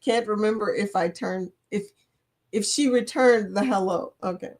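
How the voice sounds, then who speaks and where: A woman in her fifties hosts a casual livestream chat, reading viewer comments aloud, laughing often and being playful. Her mid-range voice is a little mellow and keeps a moderate pace.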